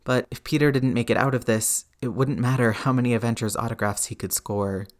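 A man narrating fiction in a measured, even audiobook reading. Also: medium pitch. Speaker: reader.

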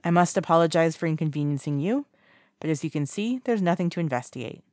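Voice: medium pitch, animated, fast talker, a little mellow, no room sound, clean studio sound, close to an everyday voice. A reader voicing a coldly polite young man. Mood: cool, distant. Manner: evasive, coolly detached.

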